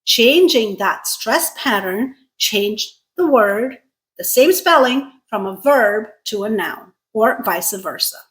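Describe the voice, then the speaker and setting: A woman hosting an English pronunciation lesson, speaking clearly and deliberately and stressing her words for emphasis. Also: a little high, animated, a bit bright, low-quality recording. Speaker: English teacher and channel host. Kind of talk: scripted video lesson.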